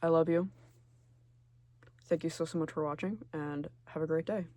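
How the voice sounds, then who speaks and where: A man's voice: on the high side, steady tone, normal speed, dry recording. Sarcastic man ranking characters, dry sound. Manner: sarcastic, profane, jumps between loud outbursts and muttering. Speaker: video creator. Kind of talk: casual tier-list commentary.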